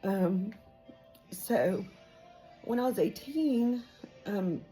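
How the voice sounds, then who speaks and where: A woman's voice: medium pitch, animated, extremely slow, dark tone, soft background music, low-quality recording. A woman, a hairdresser chatting casually to camera in her salon, rambling with lots of fillers. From Texas. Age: 50s. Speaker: hairdresser vlogger. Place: hair salon.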